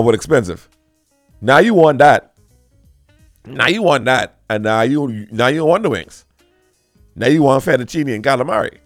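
A man doing a comedic monologue in an animated, teasing, rambling way, addressing the audience directly. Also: fairly high pitch, vocal fry, no room sound.

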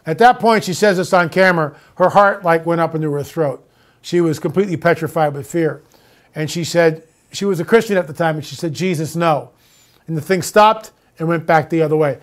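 A man hosting his own show, talking straight to viewers in an animated way, moving between sarcastic ranting and storytelling. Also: high-pitched. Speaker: show host. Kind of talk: monologue to viewers.

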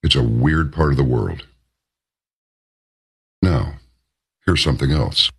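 A man hosting a talk radio show in an emphatic monologue, leaning hard on the words he stresses. His voice sits very low, with a gravelly fry and a husky, raspy edge. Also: lively intonation, takes it slowly, fairly bright tone. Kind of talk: on-air opinion monologue.

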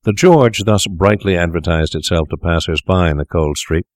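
Man, very low voice, measured audiobook narration, dry close-miked sound. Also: dry recording.

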